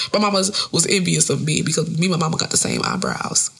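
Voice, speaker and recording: A woman's voice: low voice, gravelly, husky. Profane, joking woman podcast host. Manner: profane, joking, rambling and animated. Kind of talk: casual solo podcast monologue.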